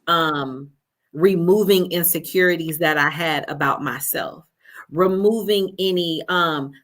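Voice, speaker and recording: Bright-voiced woman coach telling her story. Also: on the low side, a little slow. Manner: storytelling, earnest, with frequent "right?" check-ins. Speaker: life coach guest. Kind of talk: conversational interview. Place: home office.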